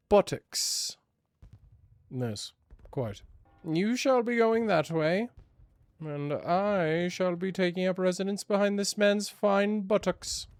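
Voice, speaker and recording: Brief: pompous upper-class gent, put on by a man, raised pitch, slow fussy drawl, dry recording. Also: a little mellow, clean tone, no echo. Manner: haughty, drawn-out, fussy. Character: pompous posh aristocratic gentleman. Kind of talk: comedic put-on voice over gameplay.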